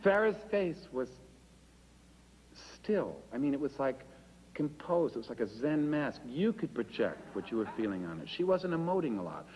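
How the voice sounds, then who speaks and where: A man's voice: medium pitch, big pitch swings, normal speed, darkish tone, husky, big-room sound, poor audio. A man performing a wry, self-deprecating storytelling monologue and acting out the dialogue himself.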